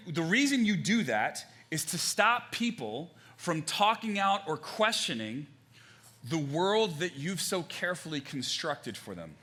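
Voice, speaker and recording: A man's voice: a little high, bright, forceful tone. A man preaching a sermon in church, talking conversationally with many fillers and restarts and acting out quoted phrases. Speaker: pastor. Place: church stage.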